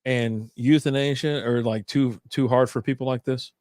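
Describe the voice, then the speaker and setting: A man's voice: medium pitch, fairly even intonation, normal speed, darkish tone, dry recording, clean studio sound. A man co-hosting a livestreamed podcast, talking bluntly with lots of swearing and exasperated rants. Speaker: podcast co-host. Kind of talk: casual chat over drinks on a livestream.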